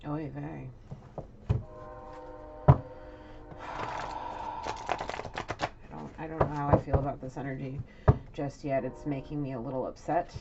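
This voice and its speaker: A woman's voice: a bass voice, fairly even intonation, unhurried, creaky, pauses often. A woman from New City, giving a frank, scolding intuitive reading straight to an absent person. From New York City. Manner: blunt, scolding and frank, with frequent restarts. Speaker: intuitive reader. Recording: dull lo-fi audio with faint noise.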